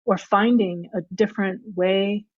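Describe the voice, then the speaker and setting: A woman's voice: medium pitch, steady tone, unhurried, darkish tone, no echo, lo-fi sound. A middle-aged woman, a graphic novelist and guest, talking reflectively, qualifying her thoughts with "you know" and "I mean.". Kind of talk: reflective interview talk.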